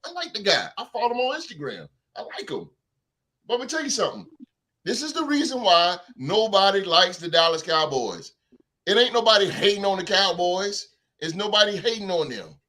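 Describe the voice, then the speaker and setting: A man hosting a sports podcast, ranting in an animated, heckling way and mocking rival fans. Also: sits high, a little fast. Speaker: podcast host. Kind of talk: sports talk rant.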